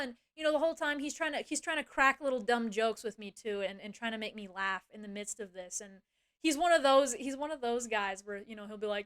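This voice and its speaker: A woman's voice: on the high side, moderate pace, fairly bright tone, smooth. A woman streamer venting in casual chat, ranting and swearing, with many fillers and restarts.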